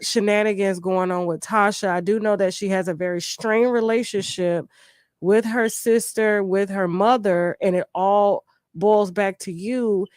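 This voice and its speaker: A woman's voice: medium pitch, fairly even intonation, darkish tone, clean tone, dry recording, studio quality. Earnest woman interviewing on a call. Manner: earnest, measured, piles up phrases.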